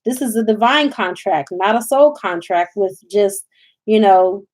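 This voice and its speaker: A woman's voice: mid-range voice, unhurried, a little mellow. A woman giving a live spiritual reading, talking to her viewers in an emphatic, preachy way. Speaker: spiritual reader.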